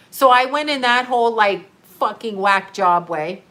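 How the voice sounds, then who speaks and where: A middle-aged woman telling a story in a casual livestream, animated and profane, laughing often. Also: fairly high pitch, measured pace, few pauses. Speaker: live streamer.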